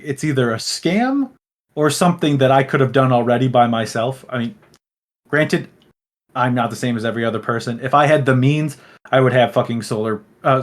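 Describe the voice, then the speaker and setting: Young guy from illinois on a podcast, blunt and sweary, kinda rambly, mid-pitched voice. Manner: blunt, swears freely, rambling with many fillers. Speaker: podcast co-host. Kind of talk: casual chat.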